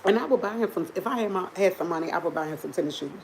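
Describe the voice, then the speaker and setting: A woman hosting a livestream, telling a funny story to her viewers in an animated, chatty way and laughing often. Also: on the low side, rapid-fire, a little hiss or hum, low-quality recording. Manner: drinks coffee while talking. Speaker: livestream host.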